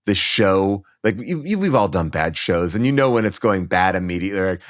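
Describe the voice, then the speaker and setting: Animated man telling a comic story. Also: sits low, brisk, dry recording, studio quality. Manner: animated, lots of fillers and restarts, acts out his own past lines. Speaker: podcast guest.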